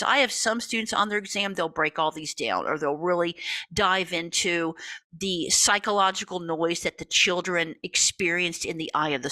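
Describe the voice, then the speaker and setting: A woman teaching a college communication class in a lively, talkative lecture style, often checking in with "right?". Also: on the low side, no room sound. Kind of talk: recorded lecture.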